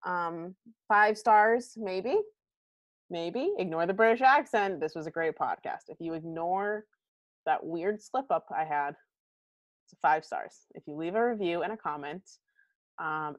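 A woman's voice: mid-range voice, no echo, rough recording. A young woman hosting a podcast in casual chat, rambling with lots of fillers and poking fun at herself. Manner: rambling, filler-heavy, self-deprecating. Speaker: podcast host.

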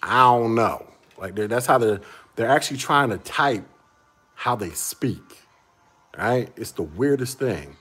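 A man's voice: mid-range voice, expressive, measured pace, fairly bright tone, breathy edge. A man in his forties hosting a casual livestream and chatting with viewers, rambling, repeating words and chuckling often. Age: 40s. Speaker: livestream host reading chat.

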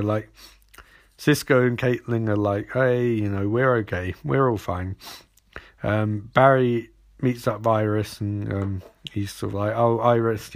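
A man's voice: medium pitch, fairly bright tone. A man casually recapping a TV episode in a rambling, sarcastic way, swearing freely and breaking off with asides.

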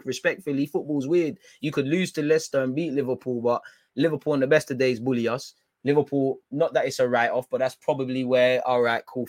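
A man's voice: mid-range voice, no echo. Laid-back man on a livestream. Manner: laid-back slangy banter, trailing off into fillers. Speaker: football livestream host. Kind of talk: casual livestream chat reading viewer comments.

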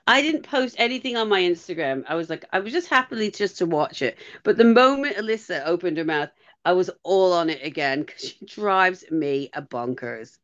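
A woman co-hosting a podcast, chatting casually about a reality show, animated and quick to laugh. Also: fairly low pitch, lo-fi sound. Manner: animated, mimics people, laughs often. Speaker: podcast co-host.

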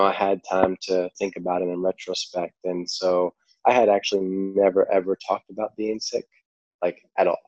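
A man's voice: deep voice, a little mellow, no room sound, muffled recording. A man with a New York accent, a podcast guest telling stories in a rambling, casual way, full of "like" and "you know". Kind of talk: casual storytelling.

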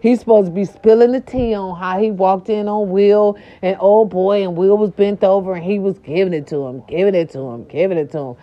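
A woman's voice: brisk, hardly any pauses. A woman hosting a casual gossip talk show, sassy and dramatic, with slangy, playful delivery. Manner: animated, sassy, slangy, dramatic pitch swings. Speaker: show host. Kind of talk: casual celebrity gossip monologue. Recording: dull lo-fi audio.

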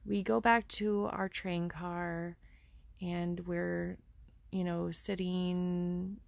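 A woman's voice: on the low side, flat delivery, drawn-out words, creaky, no room sound. A woman in her thirties telling a personal story in an earnest, conversational way, often restarting her sentences.

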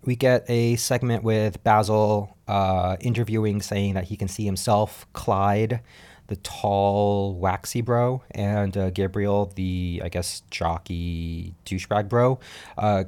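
Chatty low-voiced man recapping a show. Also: slow pace. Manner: chatty, animated, laughs often, frequent fillers. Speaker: podcast host. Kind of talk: casual recap commentary. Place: home apartment.

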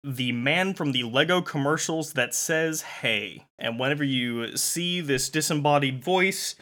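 A man's voice: a little high, measured pace, hardly any pauses, sharp tone. A man hosting a casual podcast game show, playful and laughing often.

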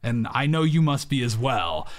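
A man's voice: medium pitch, big pitch swings, moderate pace. A man from the United States co-hosting a podcast in casual comedic chat, joking and teasing. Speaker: podcast co-host.

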